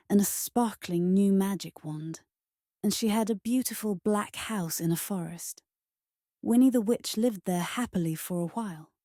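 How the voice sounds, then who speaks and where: A woman narrating a children's storybook in a gentle, measured read-aloud manner. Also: mid-range voice, no echo, clean studio sound.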